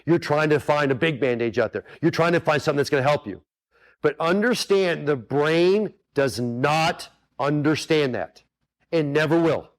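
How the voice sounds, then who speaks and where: A man hosting a golf coaching webinar in a casual, earnest way, often turning straight to his listeners to check they follow him. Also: a little high. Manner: earnest, repetitive, talks straight to the audience with many asides.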